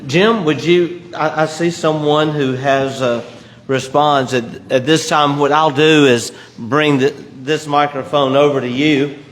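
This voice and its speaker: A man moderating a post-screening discussion, speaking in a slow, affirming way. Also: fairly high pitch, fairly even intonation. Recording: echoey hall, faint noise.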